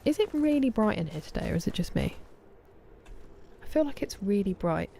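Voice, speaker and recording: A woman with an English accent streaming a game, chatting casually and warmly greeting viewers by name, sometimes dropping to a whisper. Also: mid-range voice, sing-song, a little fast, creaky, slight background noise.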